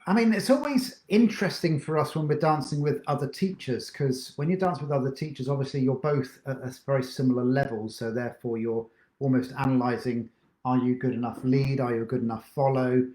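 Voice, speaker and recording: A man's voice: mid-range voice, brisk, dark tone. Chatty man in an echoey room. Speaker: dance teacher co-hosting a live Q&A. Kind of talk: casual live-stream chat.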